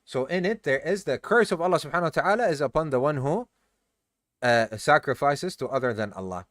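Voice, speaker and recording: During a live class session, a weary teacher of an Islamic study course walks his students through the material one step at a time, tossing them questions and dropping in Arabic words. He speaks briskly in a fairly high, fairly bright voice with animated intonation. There's no echo on the audio.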